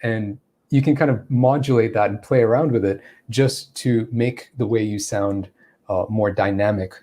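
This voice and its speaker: A man's voice: lowish voice, fairly even intonation, normal speed, mellow. A man giving a live-streamed English lesson, explaining step by step and acting out spoken examples. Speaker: English teacher.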